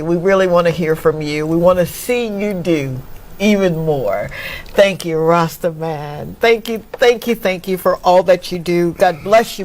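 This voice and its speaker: A woman's voice: fairly low pitch, rough recording. A woman from Mississippi hosting a talk show, emotional and close to tears, laughing often as she thanks her guest. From Columbus, Mississippi, US. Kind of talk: casual talk show chat.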